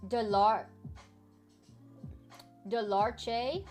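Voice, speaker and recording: A high-voiced woman talks casually on a live stream, taking her time over each word. She is playful and loose, swearing freely as she carefully sounds out French phrases. Faint music plays in the background. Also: slow, long pauses, darkish tone.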